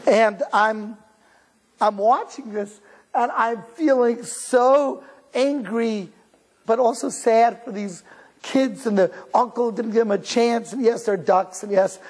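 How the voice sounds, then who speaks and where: A very high, husky voice moves at a slow pace as this rabbi from Cleveland, Ohio talks before a live audience. The hall adds long reverb, and he tells his stories conversationally, restarting sentences and chuckling with listeners.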